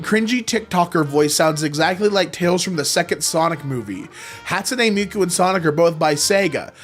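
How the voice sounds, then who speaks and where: A man's voice: high voice, fairly bright tone. A young man reading funny posts aloud and reacting with jokey, mock-confused commentary.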